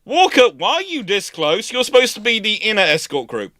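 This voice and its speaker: Self-important escort ships boast about their expertise in a prim, raised voice, as a man puts them on. The tone is bright and indignant. The sound is dry and close to the mic. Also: sits high, very animated, a little fast, dry recording, voice pushed up, full character voice.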